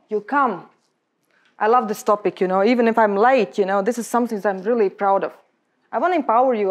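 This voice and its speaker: In fairly high-pitched, non-native English that is both emphatic and halting, a young adult woman with a Latvian accent gives colleagues a guest lecture on public speaking.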